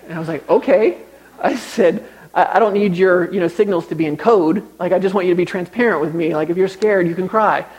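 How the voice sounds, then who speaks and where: Young male preacher, high voice, chatty storyteller who turns emphatic. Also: fairly quick, darkish tone, low-quality recording. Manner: conversational storytelling, rising to emphatic exhortation. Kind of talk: sermon.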